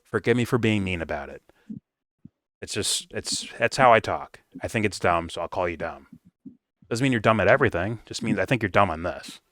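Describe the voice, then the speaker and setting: A man's voice: on the low side, animated, brisk, fairly bright tone, dry recording. A man giving a casual review, talking bluntly and swearing freely. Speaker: film reviewer. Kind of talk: casual commentary rant.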